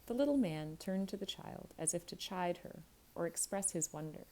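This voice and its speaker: A woman reading a classic novel aloud as a calm bedtime story. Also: on the low side, moderate pace, a little hiss or hum, rough recording. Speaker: audiobook reader.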